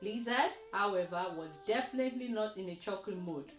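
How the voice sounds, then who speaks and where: A woman reading a children's story aloud, slowly and expressively, as host of a kids' reading session. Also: mid-range voice, roomy sound. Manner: slow, expressive read-aloud with lively voices.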